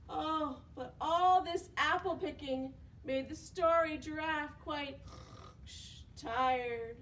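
A young woman working as a children's librarian leads a preschool storytime, singing action songs and reading a picture book aloud. Her high voice moves slowly in an animated, sing-song way, full of gasps and questions for the kids. The recording is distant, with slight background noise.

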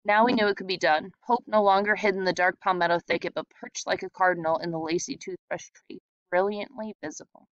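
A woman reading a short story aloud in a steady, reflective storytelling manner. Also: on the low side, fairly quick, few pauses, no echo. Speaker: reader. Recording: dull lo-fi sound.

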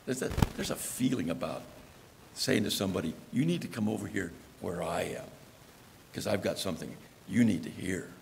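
A man's voice: low voice, expressive, moderate pace, creaky, big-room sound, slight background noise. A male pastor preaching a sermon in a conversational storytelling manner, acting out the lines he quotes. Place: church.

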